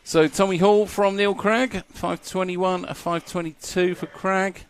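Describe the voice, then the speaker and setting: A man's voice: high voice, steady tone, measured pace, a little hiss or hum. A man giving live commentary at a model car race, chatty and joking, laughing often.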